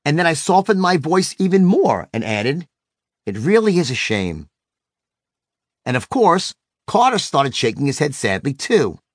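A middle-aged man teaching a sales technique in a brash, animated way, swearing freely and acting out the people in his stories. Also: slightly rough, no room sound, clean studio sound. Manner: brash, swears freely, acts out quotes with big pitch swings. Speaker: sales trainer. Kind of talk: animated teaching monologue with acted anecdotes.

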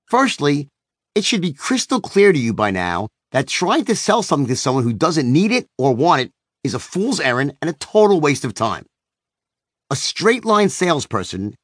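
A man's voice: a little high, dry recording, clean studio sound. A man narrating his own book as an audiobook in a brash, emphatic manner. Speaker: author-narrator.

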